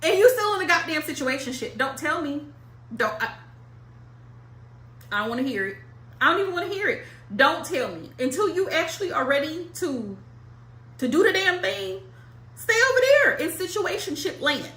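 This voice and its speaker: A woman's voice: high-pitched, big pitch swings, moderate pace, fairly bright tone, echoey room. A woman giving a casual tarot talk to viewers, blunt and emphatic, repeating her points with slang and swearing. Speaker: tarot reader.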